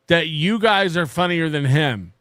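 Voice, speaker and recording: Man, derisive online critic, raised, lively pitch, dry sound. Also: a little slow, no room sound. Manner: derisive, mocking.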